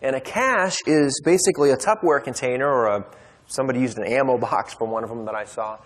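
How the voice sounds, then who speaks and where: This man has a mid-range voice and talks fast while relating a personal story to a men's Bible study. His delivery is relaxed and chatty, with fillers and false starts, heard through long hall reverb.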